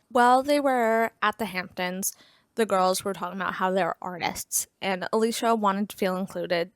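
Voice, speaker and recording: A woman's voice: medium pitch, no room sound. Chatty woman recapping a book, dry sound. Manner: chatty, frequent "like" fillers, wry asides. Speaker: book reviewer. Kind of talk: casual plot recap.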